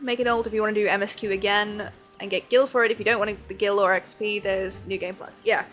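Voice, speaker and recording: A woman's voice: mid-range voice, fairly even intonation, quick pace, fairly bright tone. A woman streaming a game, chatting casually and rambling with frequent laughs, over faint background music. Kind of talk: casual chat while gaming.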